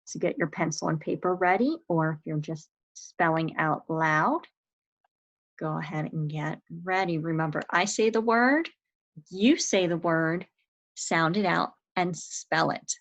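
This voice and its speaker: With a deep voice and unhurried delivery, a woman patiently and encouragingly teaches young children spelling, sounding out words and spelling them one letter at a time. The audio sounds dull.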